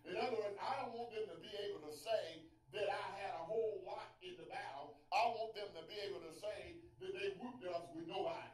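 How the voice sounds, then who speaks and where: High-voiced preacher in an echoey room. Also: male voice, fairly quick, hardly any pauses, slight background noise. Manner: call-and-response questions, stammering restarts. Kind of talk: sermon.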